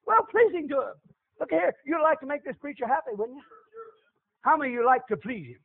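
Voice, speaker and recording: A man preaching a sermon, calling out to the congregation with animated back-and-forth questions. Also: very high voice, fairly quick, gravelly. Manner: animated call-and-response preaching. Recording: tinny lo-fi radio broadcast.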